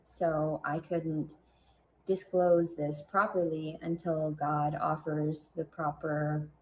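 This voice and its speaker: Woman, low voice, even and flat delivery, casual vlog storytelling, rambling, earnest, lots of fillers. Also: takes it slowly, slight background noise, rough recording. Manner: rambling, digressive, with many fillers and restarts; earnest and religious. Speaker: vlogger.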